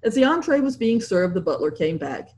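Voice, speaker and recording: A woman narrating a novel in an expressive storytelling manner. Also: mid-range voice, a little fast. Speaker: audiobook narrator. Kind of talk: scripted narration.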